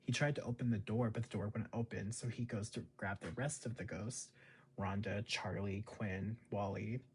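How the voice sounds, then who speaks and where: A man's voice: fairly low pitch, fairly even intonation, moderate pace, darkish tone, husky. A man casually recapping a TV episode, rambling with lots of fillers. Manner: rambling, filler-heavy, chuckles often. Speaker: show recap host.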